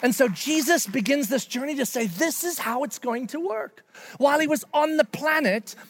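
A pastor giving a conversational, animated sermon, acting out what people say. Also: male voice, extremely high pitch, moderate pace, some chatter behind. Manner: conversational, animated, acts out quotes in voices.

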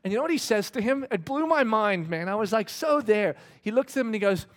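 A middle-aged male pastor delivering a sermon in a fairly high voice. He tells stories with drama and swings from hushed, breathy whispers up to full shouts. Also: expressive, fast talker.

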